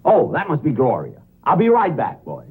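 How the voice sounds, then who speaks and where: A fussy, boastful man from a 1950s radio comedy, his husky voice leaping up and down as he talks. The sound is thin and tinny, like an old broadcast heard through a narrow line. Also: on the high side, wildly swooping pitch, moderate pace. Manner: fussy, eager bragging.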